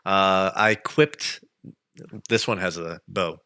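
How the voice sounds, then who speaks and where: A man runs a tabletop game as game master, his voice very bright and forward. He narrates at an unhurried pace, animated and often laughing as he tells what happens. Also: on the low side, smooth, no echo, clean studio sound.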